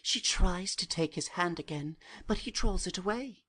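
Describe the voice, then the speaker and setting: A woman narrator calmly reading the stage directions of a play, in a measured voice. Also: lowish voice.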